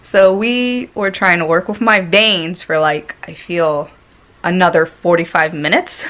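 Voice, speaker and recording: A woman vlogger telling a personal story in a casual way, laughing often and swinging between loud and hushed tones. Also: lowish voice, fairly even intonation, measured pace.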